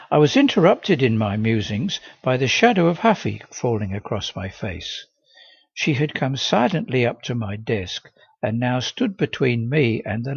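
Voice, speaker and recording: A man reading a first-person novel aloud in a measured, expressive way. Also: medium pitch, creaky, husky, no echo, dull audio. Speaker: audiobook reader.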